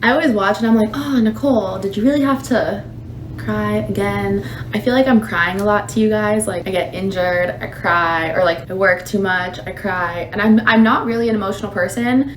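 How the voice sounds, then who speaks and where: A young woman vlogging to camera, talking casually and reflectively with many fillers. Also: mid-range voice. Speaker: vlogger, surfer. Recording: echoey room, faint noise.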